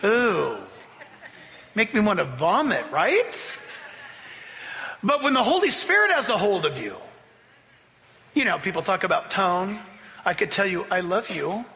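A man's voice: high-pitched, very animated, normal speed, pauses often, sharp tone. A man preaching a sermon as pastor, emphatic and exhorting, with humorous asides. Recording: long hall reverb.

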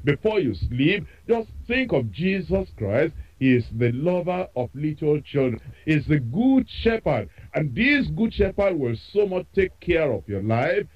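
A man preaching a sermon, with emphatic repetition and expressive delivery. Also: fairly high pitch, measured pace, hardly any pauses, dull audio.

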